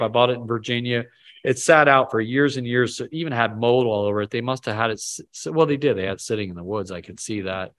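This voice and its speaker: A man's voice: mid-range voice, fairly bright tone. A man leading a casual Bible study, talking in a rambling, self-deprecating way and asking the group questions.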